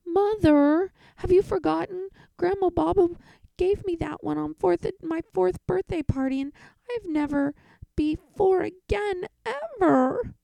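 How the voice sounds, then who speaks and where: A woman's voice: unhurried, gravelly, dark tone, no echo, full character voice. A woman doing a whiny little boy. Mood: outraged. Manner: pleading, high and theatrical.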